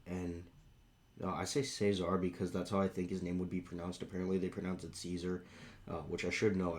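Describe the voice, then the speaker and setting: A man reacting to a song and explaining music terms, counting beats aloud and singing snippets in a rough morning voice. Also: sits low, darkish tone, slight background noise. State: morning voice, rough on high notes. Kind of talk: casual reaction and music analysis.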